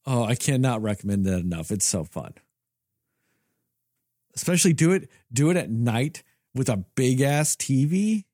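A man's voice: medium pitch, big pitch swings, moderate pace, a little mellow, no room sound, clean studio sound. A man co-hosting a podcast in casual chat, ranting in a heated, profane way. He is from Texas. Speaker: podcast co-host.

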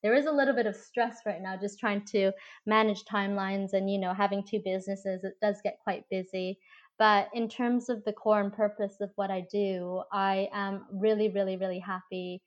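A woman who coaches voice and communication, answering interview questions in an earnest, measured way. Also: medium pitch, fairly even intonation.

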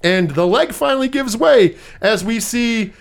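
A man co-hosting a podcast, casually recapping a movie in animated style, swearing freely and acting out the characters' lines. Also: very high-pitched, measured pace, vocal fry. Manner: animated, swears often, acts out quotes.

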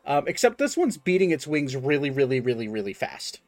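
A man narrating a tabletop game as game master, with a halting delivery full of ums and restarts. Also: medium pitch, big pitch swings.

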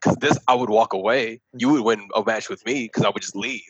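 A man's voice: lowish voice, fairly quick, a little hiss or hum, poor audio. A man co-hosting a podcast, bantering with laughs and casual swearing. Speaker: podcast co-host. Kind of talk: casual chat.

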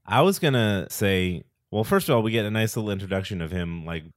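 A man co-hosting a casual movie chat, animated and quick to laugh and ask questions. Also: fairly low pitch, dry recording, studio quality. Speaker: podcast co-host.

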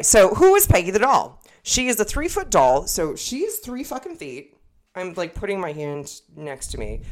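A young woman co-hosting a podcast in casual chat, rambling and swearing freely, often restarting her sentences. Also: fairly low pitch. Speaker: podcast co-host.

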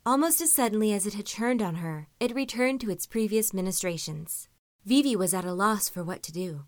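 A woman narrating a story in an even, measured reading voice. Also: medium pitch, dry recording, studio quality. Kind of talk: audiobook-style story reading.

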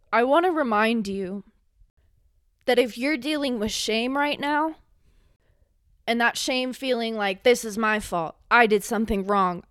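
A young woman hosts a solo podcast, talking with raw, impassioned emotion and freely swearing. Her voice sits a little high and she takes her time over every phrase. The recording is close and dry, with no room sound. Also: clean tone, dry recording. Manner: impassioned, swearing, rising to yelling when angry. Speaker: podcast host.

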